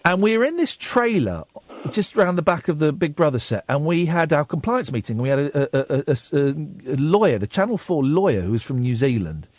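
Wry rambling radio host. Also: male voice, fairly high pitch, big pitch swings, a little fast, no echo. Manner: wry, rambling, self-mocking. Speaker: radio talk show host. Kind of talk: late-night radio chat. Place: radio studio.

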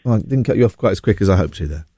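A radio host in a radio studio runs a phone-in, chatting casually with callers in a jokey, sarcastic, self-deprecating way while coming down with a sore throat. His voice is fairly low, expressive, mellow and very fast, picked up by a studio microphone.

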